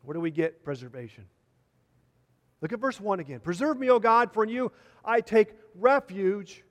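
A man's voice: sits high, animated, moderate pace, big-room sound. A man preaching a sermon, earnest and repeating phrases for emphasis.

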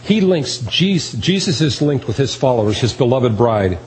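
A man's voice: mid-range voice, big pitch swings, moderate pace, a little mellow, poor audio. A man preaching a sermon, earnest and emphatic, repeating key phrases. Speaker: pastor.

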